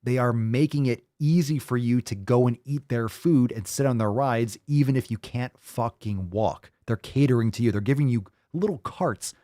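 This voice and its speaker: A man's voice: medium pitch, normal speed, few pauses, warm tone, dry recording, studio quality. A man hosting a show, ranting in profane, sarcastic commentary and mocking the people he quotes. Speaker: host.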